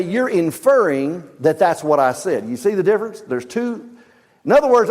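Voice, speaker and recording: A man's voice: fairly high pitch, long reverb tail. A male pastor preaching a sermon, reading scripture aloud with dramatic emphasis and asking the congregation questions. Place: church sanctuary.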